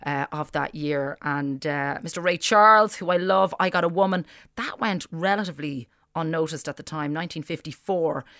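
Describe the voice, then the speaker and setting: A woman hosting a radio show, chatting in a relaxed, upbeat way and reading out listener texts. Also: low-pitched, no room sound. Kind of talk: casual radio chat. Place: radio studio.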